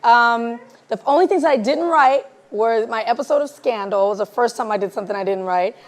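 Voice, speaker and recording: A guest filmmaker from South Los Angeles, USA, answers questions in a live conversation, animated and laughing often as she acts out exchanges. Her voice is a little high and her delivery brisk.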